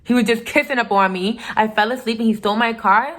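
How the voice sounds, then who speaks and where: A woman's voice: on the high side, fast, fairly bright tone. A young woman telling a story to her channel in a candid, profane and emphatic way. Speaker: vlogger. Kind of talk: casual storytime.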